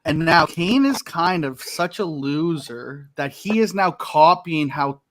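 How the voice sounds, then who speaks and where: A man's voice: on the high side, expressive, a bit bright, dry recording. A man hosting a casual group chat on a call, teasing the others and egging them on. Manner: teasing, quick to egg others on.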